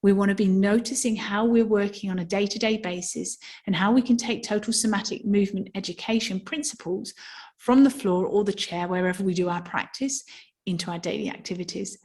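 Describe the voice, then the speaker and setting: A woman at a mid pitch, teaching somatic movement to a workshop group. She explains in an animated way, often turning to rhetorical questions. Now and then she acts out a yawn or a sigh to show what she means. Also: a little fast.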